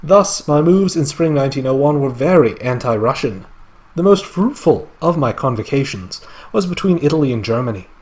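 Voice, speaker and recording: A man reading a male player's game report aloud in a deliberately bad put-on Scottish accent that drifts into other accents. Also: mid-range voice, lively intonation, a little mellow, close to an everyday voice. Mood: reflective. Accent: put-on Scottish, slipping into other accents. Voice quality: wavering mock accent, wry storytelling. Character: male Austrian player recounting his game.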